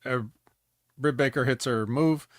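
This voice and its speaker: On a wrestling review podcast, a male co-host recaps matches in a dry, joking, rambling style of casual chat. His medium-pitched voice has a measured pace and no echo.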